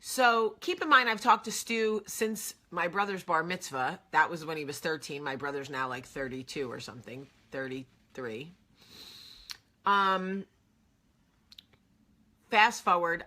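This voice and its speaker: Bright-voiced chatty woman telling a story. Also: low-pitched, measured pace. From New Jersey. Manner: chatty, emotional, filler-heavy. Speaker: host. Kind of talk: casual storytelling.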